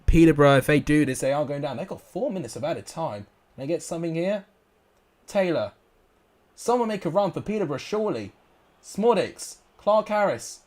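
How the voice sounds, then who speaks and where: A young man commentating football games live for viewers, excitable and out of breath. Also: on the high side, brisk. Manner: shouts and laughs at goals, chats with viewers.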